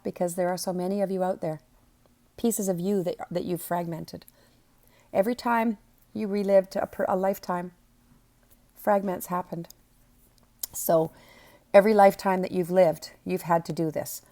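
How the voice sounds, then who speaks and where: A woman's voice: lowish voice, darkish tone. Earnest woman giving a spiritual webinar. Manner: soothing, earnest, emphatic encouragement. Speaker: spiritual teacher.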